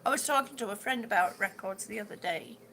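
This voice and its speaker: A woman's voice: mid-range voice, fast talker, creaky, sharp tone, slight background noise. A middle-aged woman hosting a live stream, chatting casually with viewers, repeating herself and stumbling over words with good humor. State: ringing in the ears, yawning, hungry. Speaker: livestream host reading viewer comments.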